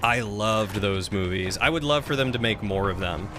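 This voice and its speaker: A man's voice: on the low side, normal speed, over music. A man streaming a game live, chatting casually and thinking aloud as he plays.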